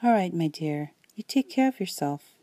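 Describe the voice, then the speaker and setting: Woman reading as a sweet, gentle old lady in her nineties. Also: fairly high pitch, expressive, no room sound, voice pushed up. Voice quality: sweet, mellifluous voice. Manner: slow, gentle and doting. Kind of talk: audiobook reading.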